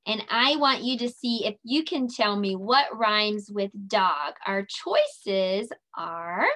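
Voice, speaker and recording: A woman leading a children's circle time lesson, speaking in a slow, sing-song, encouraging way and stretching her words out. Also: a little high, bright, forceful tone. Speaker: preschool teacher.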